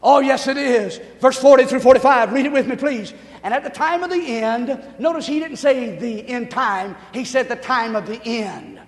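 A male pastor preaching a sermon, talking fast, calling for amens and rising to shouts. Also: very high voice, in a large hall. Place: church sanctuary.

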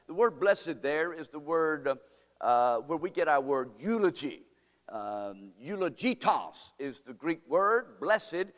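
A male pastor preaching a sermon, reading scripture slowly and with emphasis, calling on the congregation to respond, then praying. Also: fairly high pitch. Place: church sanctuary. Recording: reverberant hall.

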